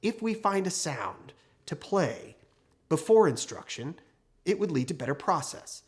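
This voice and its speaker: Guy consultant telling a story casually, slightly high pitched, chatty. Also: big pitch swings, unhurried. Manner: conversational anecdotal, acts out quoted people. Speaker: training consultant. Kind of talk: storytelling case study talk.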